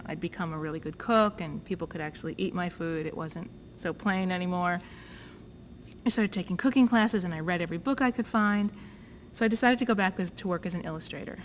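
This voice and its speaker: A woman speaks to a conference crowd in a fairly low voice, telling her own story in a lively way. She acts out both sides of each exchange as she goes. A faint hiss sits under her words. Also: brisk, poor audio. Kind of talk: personal story told to an audience. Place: conference talk.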